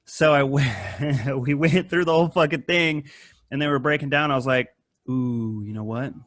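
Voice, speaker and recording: Swearing podcast host, dry close voice. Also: male voice, fairly high pitch, normal speed, no echo. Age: adult with wife and kid. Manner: rambling, swears a lot, animated retellings. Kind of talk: casual profane chat.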